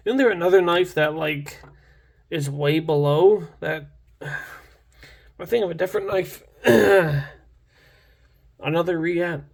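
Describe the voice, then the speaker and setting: Gravelly, excitable young man reviewing knives. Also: fairly high pitch, slow pace, pauses often. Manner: enthusiastic, rambling, many restarts and fillers. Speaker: knife reviewer. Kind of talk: casual unboxing vlog.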